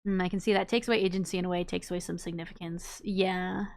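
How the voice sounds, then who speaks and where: A woman's voice: fairly low pitch, fairly even intonation, fast, vocal fry. A woman game streamer chatting casually, reacting aloud and laughing while she plays. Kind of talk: casual gameplay commentary.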